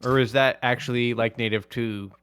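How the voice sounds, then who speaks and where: A man with a smooth, clear voice joins a casual podcast, joking around with his friends. He hesitates often, filling gaps with "like" and "um.". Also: medium pitch, fairly even intonation, moderate pace, fairly bright tone. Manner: playful, hesitant, lots of "like" and "um". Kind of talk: casual chat.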